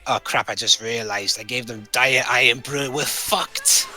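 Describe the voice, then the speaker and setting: A man's voice: medium pitch, a little slow, pushed and bright, faint music behind, pitched below the performer's own voice. A man voicing a boastful, swearing army general in a put-on Scottish accent, in a fan-voiced game playthrough. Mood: blustering. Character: blustering brutish male army general, sore loser.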